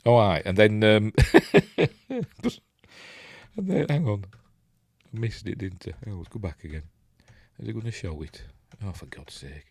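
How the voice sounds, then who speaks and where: A man's voice: lowish voice, expressive, measured pace, long pauses, darkish tone, dry recording, studio quality. A man with a Yorkshire accent casually recapping a film as he watches it, rambling with lots of ums and self-corrections. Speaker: film reviewer.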